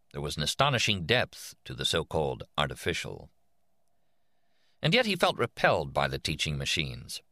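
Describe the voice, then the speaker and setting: Low-voiced man reading an audiobook. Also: dry recording, studio quality. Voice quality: measured, expressive reading. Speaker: narrator. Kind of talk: audiobook narration.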